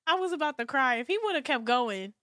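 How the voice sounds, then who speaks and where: A woman's voice: high-pitched, animated, fast talker, sharp tone, no room sound, studio quality. A young woman co-hosting a podcast, teasing playfully and laughing often. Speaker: podcast co-host. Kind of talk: casual chat.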